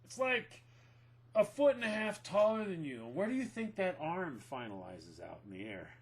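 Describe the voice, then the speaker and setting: A man's voice: high voice, big pitch swings, normal speed, slightly rough. A middle-aged man co-hosting a casual chat, telling stories with a joking manner and frequent laughter. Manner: joking storyteller, laughs often. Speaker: podcast co-host.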